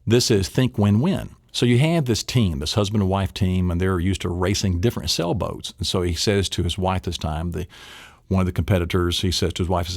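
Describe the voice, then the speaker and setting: A man's voice: deep voice, brisk, creaky, darkish tone, no echo. A middle-aged man teaching a memory technique, playful and acting out little scenes along the way. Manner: playful, acts out little scenes in silly voices. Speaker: memory trainer.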